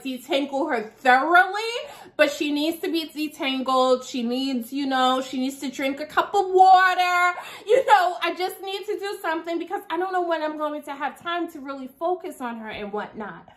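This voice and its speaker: A woman's voice: high voice, fairly bright tone. A woman vlogger chatting casually to camera in a playful way, laughing often.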